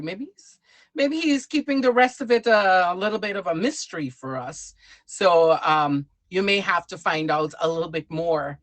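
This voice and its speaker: A woman's voice: fairly low pitch, no room sound. A woman hosting a live storytelling stream, chatting with a guest and introducing the next one with many fillers. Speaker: show host.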